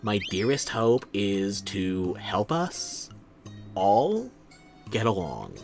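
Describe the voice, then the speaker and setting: A man's voice: fairly low pitch, huge pitch swings, drawn-out words, creaky, darkish tone, soft background music, exaggerated voice. A man doing a sugary female fairy Pokemon in a forced valley girl voice, drawn out and gushing. The lilt rises and falls freely, all sweetness and welcome from a video game creature.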